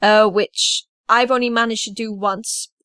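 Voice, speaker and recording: A woman's voice: a little high, fairly even intonation, measured pace, a bit bright, clear, resonant tone, no echo. A young woman from Wales with a lightly toned-down Welsh accent, hosting a casual podcast chat with playful teasing. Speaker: podcast host.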